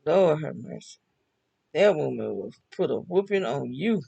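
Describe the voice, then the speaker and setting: Older woman, gravelly voice, chatty storyteller who laughs often. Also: deep voice, lively intonation, unhurried, mellow, highs cut off. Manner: chatty, laughs often, talks back and forth with herself. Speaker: vlogger. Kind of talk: casual storytelling monologue.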